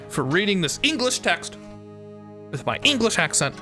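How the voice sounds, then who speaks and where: Sarcastic American streamer, lively voice. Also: medium pitch, moderate pace, faint music behind. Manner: joking, sarcastic, reads game text aloud. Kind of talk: let's play commentary.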